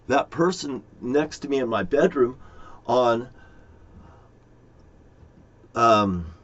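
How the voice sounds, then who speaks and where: A middle-aged man talking in a rambling, aggrieved monologue to his viewers, swearing often. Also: mid-range voice. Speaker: vlogger. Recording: dull lo-fi recording.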